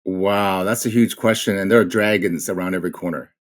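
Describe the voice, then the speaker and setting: A man's voice: low-pitched, fairly quick. A middle-aged man, a guest actor, telling stories candidly and acting out the exchanges he quotes. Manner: animated, acts out quoted exchanges. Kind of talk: candid conversational storytelling.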